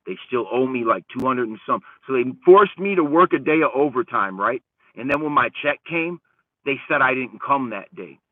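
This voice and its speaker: A man's voice: mid-range voice, dry recording, recorded from a distance. Profane ranting man on a tinny line. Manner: profane, heated, rambling, swings between loud and muttered. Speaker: channel host. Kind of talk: casual storytelling rant. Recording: dry phone-like lo-fi audio from off-mic.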